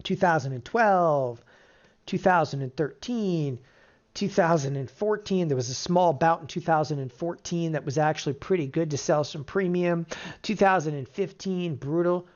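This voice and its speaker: A middle-aged options trading instructor teaching a live webinar, energetic and firing rhetorical questions at the audience. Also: mid-range voice, normal speed. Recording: dull lo-fi webinar audio.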